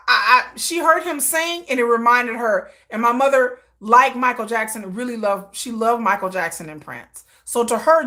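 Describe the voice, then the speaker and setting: A woman hosting a livestream, chatting casually and telling animated personal stories, acting out quotes and laughing often. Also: on the high side. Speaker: livestream host. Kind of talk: casual chat.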